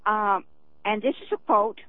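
A woman's voice: medium pitch, steady tone, unhurried. A woman calling into a radio show, speaking emphatically with hesitant ums. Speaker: caller. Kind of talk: phone-in call. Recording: tinny phone line.

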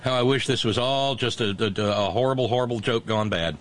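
A man's voice: medium pitch, brisk. A man hosting a talk show, giving sarcastic, mocking commentary and reading out listener messages.

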